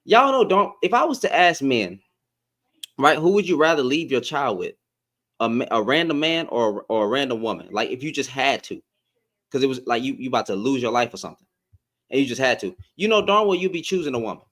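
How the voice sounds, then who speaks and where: A man's voice: medium pitch, animated, a little fast, a bit bright. A man speaking, hosting a livestream in a heated, confrontational, slangy rant. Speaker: live-stream host.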